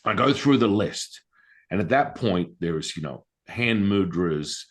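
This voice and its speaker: A man's voice: low-pitched, a little slow. A man, a guest on a podcast, telling a story in a casual, emphatic way and acting out the voices of the people in it. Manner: animated, acts out quoted voices; conversational, emphatic. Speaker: podcast guest, Taoist master and healer.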